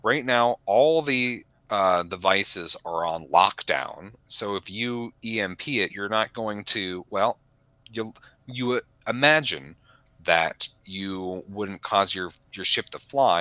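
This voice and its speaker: A man's voice: low voice, a little slow, pushed and bright, dry recording. A man running a tabletop game as game master, narrating in a rambling, self-correcting way.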